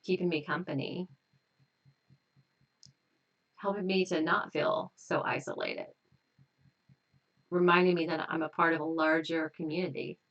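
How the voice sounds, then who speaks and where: Woman hypnotist on a home live stream, lowish voice, repeating gentle affirmations slow, kinda muffled lo-fi sound. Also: sing-song, gravelly, recorded from a distance.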